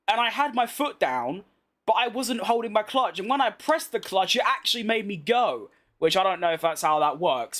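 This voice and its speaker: This gaming streamer, a young man from Britain, talks in a voice that sits high and a bit bright. While playing a racing game he keeps up casual, blunt chatter, reading out chat messages and trading banter with his audience.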